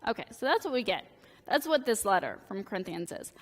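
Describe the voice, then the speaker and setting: A woman's voice: mid-range voice, sing-song, brisk. Joking woman preacher, echoing church hall. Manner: casual, joking, talks in valley-girl-like "like" phrasing. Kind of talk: sermon. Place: church sanctuary.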